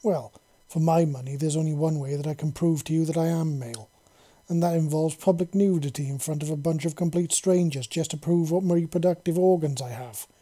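A man's voice: high-pitched, lively intonation, moderate pace, warm tone. A man voicing a brash young human soldier who swears and talks bluntly but nervously. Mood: defensive.

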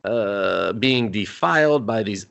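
A man's voice: fairly low pitch, animated, slow, creaky, a bit bright. A man co-hosting a podcast, loosely recapping an anime episode in a rambling, profane, filler-heavy way. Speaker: podcast co-host.

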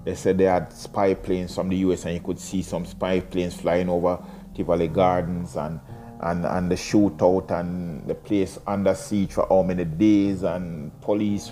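Deep-voiced man musing aloud. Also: mellow. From Jamaica. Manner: rambling, many repeated words and restarts. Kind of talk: casual talk mixed with reading aloud.

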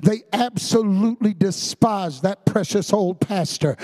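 A man preaching a fervent sermon in a church sanctuary, rising to shouts. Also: fairly high pitch, measured pace, breathy edge, no echo. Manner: fervent Southern-style preaching, building to shouts.

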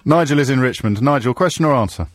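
A man hosting a call-in radio show, teasing his callers with quick mock-indignant banter. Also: medium pitch, animated, a loud crowd, heavy background noise. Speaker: radio phone-in host.

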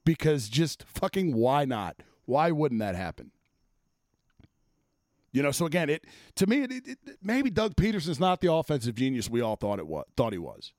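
Swearing freely, this blunt, exasperated host, an adult man who played offensive line, rants about sports. His voice is a little high and a little mellow, with big pitch swings and normal pace, captured dry at studio quality.

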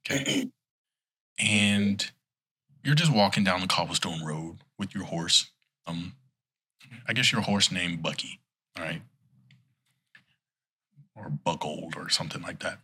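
A man's voice: sits low, expressive, measured pace, long pauses, pushed and bright, slightly rough. A man in casual chat, telling a rambling, playful story as a podcast co-host.

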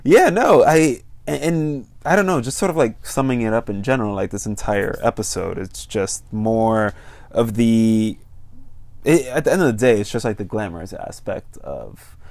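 A man's voice: on the low side, expressive, moderate pace, vocal fry, a little mellow, no room sound. A man co-hosting a casual chat, full of fillers, trailing off and swearing casually. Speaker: podcast co-host.

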